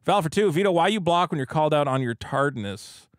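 A man co-hosting a casual podcast, reading out paid chat messages in an animated, self-mocking way. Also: on the high side, fairly quick, no echo, studio quality.

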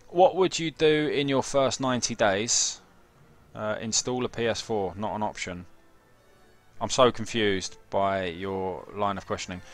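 A young man streaming a game, chatting casually and swearing as he reads chat and plays. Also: fairly low pitch. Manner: sweary, jokey banter with chat. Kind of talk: casual gameplay commentary.

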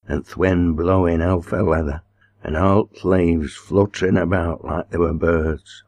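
A man voicing a small, solemn village man from the north of England, telling a long tale slowly in broad dialect. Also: sits low, darkish tone.

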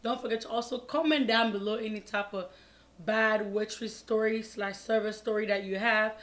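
A woman's voice: medium pitch, steady tone, moderate pace, fairly bright tone. Chatty woman vlogger eating on camera. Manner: chatty, repeats pleading words, mumbles while eating. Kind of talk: casual mukbang storytime vlog.

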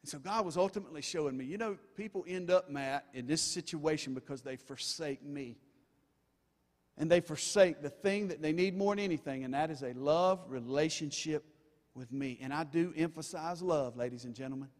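Guy preaching in church, kinda high voice, big echoey hall ringing after every line, folksy asides. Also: normal speed. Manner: emphatic, folksy asides to the congregation. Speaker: pastor. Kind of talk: sermon. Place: church sanctuary. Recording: long reverb of a church hall.

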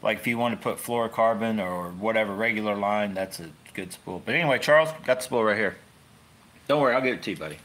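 This fishing-channel host speaks fast in a low voice with a fairly bright tone. Talking into his phone on a livestream, he rambles casually and folksily, dropping in wry asides.

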